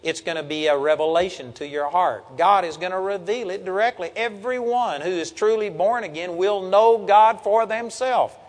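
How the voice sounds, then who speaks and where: A man's voice: sits high, moderate pace, hardly any pauses, long reverb tail. An older man preaching a sermon in an earnest, folksy way, reading Bible verses aloud.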